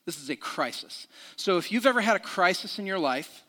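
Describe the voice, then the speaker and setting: Middle-aged pastor in a reverberant hall. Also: male voice, high-pitched, animated, brisk, pushed and bright. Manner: conversational, repeats words and restarts, asks the room questions. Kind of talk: sermon with a personal story.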